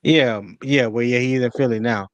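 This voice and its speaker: A man co-hosting a casual sports chat, musing in a laid-back, drawn-out way. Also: mid-range voice, steady tone, no room sound. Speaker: podcast co-host.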